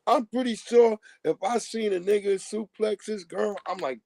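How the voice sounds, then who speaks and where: A man's voice: high-pitched, moderate pace, gravelly, darkish tone, no room sound. Casting: male livestream host, emphatic and profane, dry close sound. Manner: emphatic, profane, calls the audience "family". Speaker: livestream host reacting to clips. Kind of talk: casual live-stream commentary.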